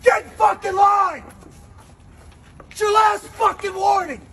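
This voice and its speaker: A man shouting profane orders as a drill instructor, berating and furious. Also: extremely high pitch, fairly even intonation, takes it slowly, over music. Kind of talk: barking orders.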